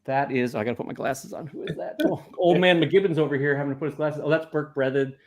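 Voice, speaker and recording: A male cartoonist chatting casually from his art studio over a webcam video call, animated and self-deprecating. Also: a little high, fast. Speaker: guest cartoonist. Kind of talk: casual chat.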